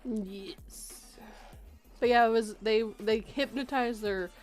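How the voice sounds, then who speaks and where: A woman's voice: fairly high pitch, moderate pace, soft background music. A woman hosting a casual chat stream, giggly and teasing, laughing often. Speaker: stream host.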